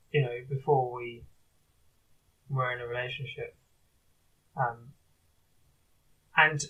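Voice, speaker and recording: Husky-voiced man, confessional diary vlog, halting and rambling, sitting back from the mic. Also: medium pitch, far from the mic, highs cut off. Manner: halting, rambling, many restarts. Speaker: video diarist.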